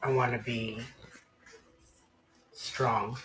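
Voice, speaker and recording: A man's voice: medium pitch, level tone, drawn-out words, a bit bright, a little hiss or hum, poor audio. A man playing a tabletop game, talking in character in a hesitant, trailing way. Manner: hesitant, trailing off, lots of likes. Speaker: player.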